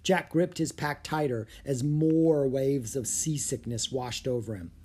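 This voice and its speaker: An audiobook narrator reading a children's adventure aloud, steady and clear, shifting slightly into each character. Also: medium pitch, unhurried. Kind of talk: storybook read-aloud.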